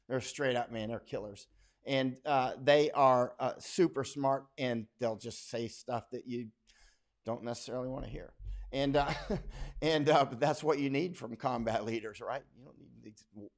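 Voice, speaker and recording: A man, a war correspondent, hosting a casual livestream and reading out viewer comments in a rambling, folksy, blunt way with many asides. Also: mid-range voice.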